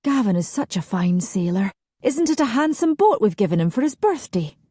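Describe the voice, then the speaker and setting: A woman's voice: mid-range voice, big pitch swings, moderate pace, mellow, slightly rough, no room sound, studio quality, voice pushed up. A woman voicing a proud mother who boasts about her son.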